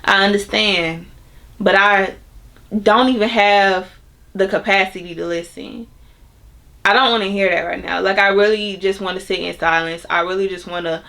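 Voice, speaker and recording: A young woman with a bright, forward voice, giving self-help advice to her audience. She speaks in a loose, conversational way, with plenty of fillers and asides aimed right at the viewer. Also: mid-range voice. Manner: chatty, filler-heavy, talks straight to viewers. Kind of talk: casual advice monologue.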